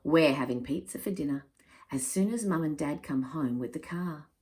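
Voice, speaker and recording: A woman reading aloud, voicing an eager little girl who calls out in high, excited tones. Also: normal speed, lightly acted.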